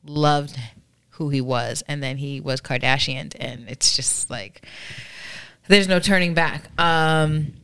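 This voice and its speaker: Smooth-voiced woman, rambling chat. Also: low voice, takes it slowly, dry recording. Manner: rambling, animated storytelling. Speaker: podcast co-host. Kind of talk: casual chat.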